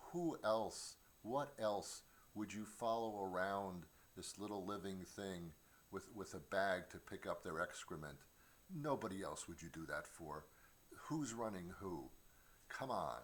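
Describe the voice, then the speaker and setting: Deep-voiced man rambling through stand-up. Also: a bit bright. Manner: rambling, stammering restarts, mock voices. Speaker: comedian host. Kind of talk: stand-up comedy monologue. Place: home studio.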